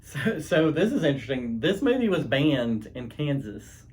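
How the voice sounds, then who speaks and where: Man, mid-pitched, rambling storyteller co-hosting a home podcast, faint hiss. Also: sing-song, moderate pace, darkish tone. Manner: rambling, chatty storytelling with many restarts. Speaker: podcast co-host. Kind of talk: casual chat.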